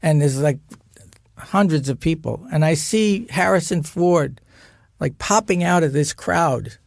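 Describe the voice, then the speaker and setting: A man's voice: measured pace, creaky, dry recording, clean studio sound. A man telling showbiz stories in casual chat, acting out the quotes and laughing often. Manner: animated, acts out quotes in a higher voice, laughs often. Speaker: guest actor telling stories.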